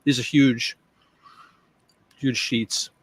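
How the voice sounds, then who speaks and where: A man at an ordinary middle pitch hosts a relaxed live stream, chatting as he works through tasks. He talks aloud through each step and greets viewers by name. His voice sits close and dry, with almost no room sound. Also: extremely slow, dry recording. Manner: chatty, thinks aloud while working, addresses viewers by name. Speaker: live-stream host and online seller. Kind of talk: casual live-stream chat.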